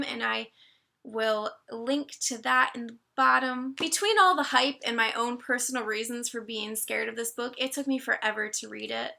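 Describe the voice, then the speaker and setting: A woman's voice: a little high, gravelly, pushed and bright. A woman chatting casually to her camera, gushing and a bit emotional as she reviews books. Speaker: book vlogger. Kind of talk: casual book review chat.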